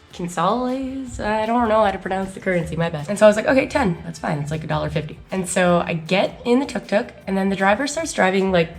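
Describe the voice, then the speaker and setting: Fast-talking young American woman vlogger. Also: medium pitch. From United States. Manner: chatty, animated, lots of "like" and acted-out quotes. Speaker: travel vlogger. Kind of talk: casual storytelling vlog.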